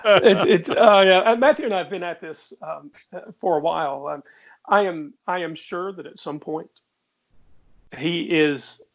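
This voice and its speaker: A man co-hosting a podcast with a joking, self-deprecating ramble. His voice runs a bit high. The audio is slightly muffled and lo-fi. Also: unhurried. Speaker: podcast co-host. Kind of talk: casual podcast chat.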